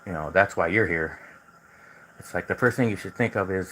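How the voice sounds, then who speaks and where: A man's voice: deep voice, a little fast, pauses often, fairly bright tone, slight background noise, rough recording. A man hosting a casual livestream, talking in a loose, rambling way that is full of repeated words and restarts. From United States. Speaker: livestream host.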